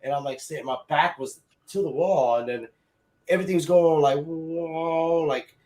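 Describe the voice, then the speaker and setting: Fairly high-pitched, brisk and a little mellow, a man chats casually about something that happened to him. The story wanders, the profanity flows freely, "like" and "you know" keep cropping up, and he imitates what other people said.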